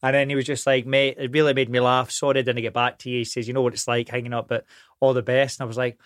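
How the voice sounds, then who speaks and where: A man's voice: mid-range voice, flat delivery, fast talker, smooth. Upbeat Scottish man chatting. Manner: enthusiastic, backs up the other speaker with frequent agreement. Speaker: podcast guest. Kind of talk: casual chat. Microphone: studio microphone.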